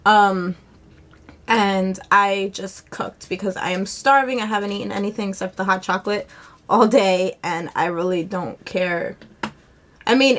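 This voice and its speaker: A woman talking casually to her phone camera in a daily vlog, rambling with lots of fillers and laughs as she moves from home to a shop to her car. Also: mid-range voice. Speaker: vlogger. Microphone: phone camera held by hand.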